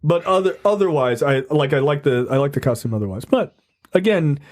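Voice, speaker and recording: A man's voice: on the high side, lively intonation, fairly quick. A man co-hosting a podcast, easygoing and hesitant, with fillers and repeated starts. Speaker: podcast co-host. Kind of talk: casual chat.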